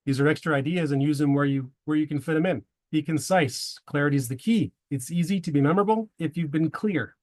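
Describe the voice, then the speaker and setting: A man's voice: on the high side, brisk, few pauses, a little mellow. Man presenting with joking asides. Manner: wry, joking asides between tips. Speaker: presenter giving a talk to a men's group. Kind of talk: prepared presentation with dad jokes.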